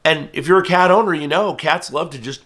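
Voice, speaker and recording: A man's voice: on the high side, brisk, sharp tone. A man from the United States, a falconer, explaining hunting rules in an earnest, conversational way and now and then acting out what others might say. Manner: earnest, conversational, acts out quoted voices. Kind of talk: casual explanatory talk to camera.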